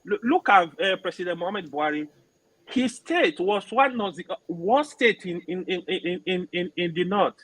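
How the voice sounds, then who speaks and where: A man making an earnest, halting point in a group discussion. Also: sits high, animated, fairly bright tone, slightly rough, no echo, poor audio. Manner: earnest, halting, repeats words. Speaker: discussion participant.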